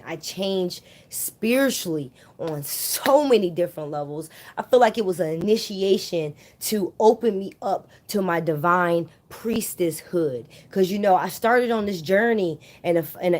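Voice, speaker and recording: A woman's voice: fairly low pitch, darkish tone. A woman vlogger casually telling a personal story straight to her viewers, chatty and often calling them "you guys".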